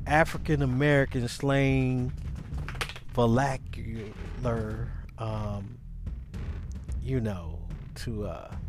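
A man hosting a podcast, talking in a casual, animated, rambling monologue with many restarts. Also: medium pitch. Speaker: podcast host.

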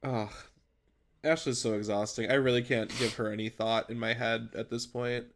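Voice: medium pitch, normal speed, slight background noise. Sarcastic twentysomething podcast host. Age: 20s. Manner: dry, sarcastic, deadpan jokes. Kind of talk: casual chat recapping a TV episode.

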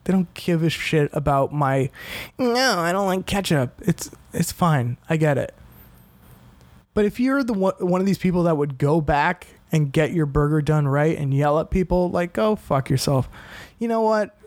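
A man's voice: a little high, lively intonation, normal speed, darkish tone, no echo. A young man hosting a solo podcast, ranting casually with lots of cursing and self-deprecating asides. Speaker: podcast host.

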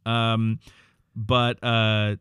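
A man's voice: fairly low pitch, flat delivery, very slow, fairly bright tone, clean tone, no room sound, clean studio sound. Rambling man recapping a movie. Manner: rambling, filler-heavy, quotes characters in voices. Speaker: podcast co-host. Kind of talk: casual movie recap chat.

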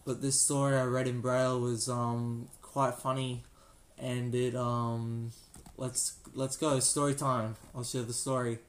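Flat-voiced Australian man telling a story. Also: mid-range voice, unhurried. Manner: rambling, jokey, many restarts. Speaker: podcast host. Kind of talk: casual storytelling.

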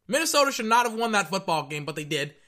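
A young man giving casual, rambling reaction commentary on a football game, excitable and tripping over his words. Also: high-pitched, fast. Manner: excitable, rambling, stutters and repeats himself.

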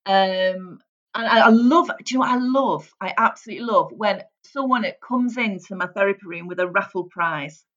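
A woman's voice: medium pitch, moderate pace, a bit bright. A woman in her forties with a light Merseyside accent, an effusive hypnotherapist chatting as an interview guest. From Merseyside, England. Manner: effusive, gushing, laughs often. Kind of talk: casual interview chat. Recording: dull lo-fi audio.

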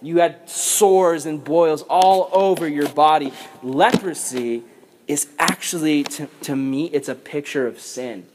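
Brief: youth pastor, male, slightly high voice, lively casual preaching, faint background hiss. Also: slow. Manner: casual, animated preaching to young people. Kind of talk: sermon.

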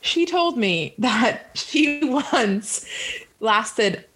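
A woman's voice: fairly high pitch, lively intonation, drawn-out words, a bit bright, husky. A woman co-hosting a podcast, telling a story in casual chat, laughing often and swearing casually. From Canada. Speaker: podcast co-host.

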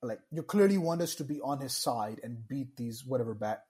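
A man's voice: medium pitch, lively intonation, fairly quick, darkish tone. A man co-hosting a casual podcast chat, ranting with exasperation and swearing often. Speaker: podcast co-host.

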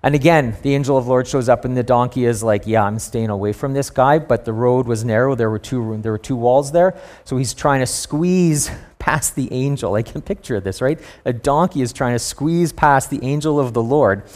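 Man preaching, storytelling with animated asides. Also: mid-range voice, normal speed, few pauses. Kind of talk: sermon.

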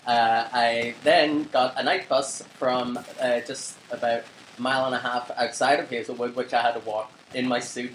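A man's voice: mid-range voice, steady tone, moderate pace, a bit bright, a little hiss or hum. A young man, co-hosting a podcast and telling a long rambling story in casual chat, swearing and laughing often. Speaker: podcast co-host. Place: flat. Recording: roomy home recording with faint ambience.

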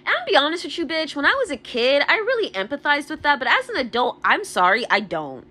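A young woman ranting to camera in a high voice that rises and falls sharply. She fills her speech with "like" and curses freely as she gets worked up. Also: big pitch swings, pushed and bright. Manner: rapid, profane, filler-heavy ranting with constant "like". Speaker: vlogger. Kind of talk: ranting vlog monologue.

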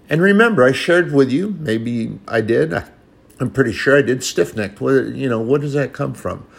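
Guy preaching a sermon, quotes scripture, gets loud and fired up at times. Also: mid-range voice, creaky. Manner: scripture-quoting, rises to emphatic.

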